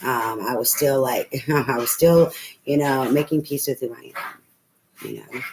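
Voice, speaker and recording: A woman's voice: a bass voice, unhurried. A woman giving a casual spoken tarot reading, rambling, swearing freely and laughing often. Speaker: tarot reader. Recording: noisy home recording.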